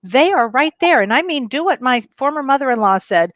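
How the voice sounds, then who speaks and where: A middle-aged woman co-hosting a talk show, telling a personal story in a lively, animated way. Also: sits high, a little fast, no room sound, highs cut off. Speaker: co-host. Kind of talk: casual chat, personal storytelling.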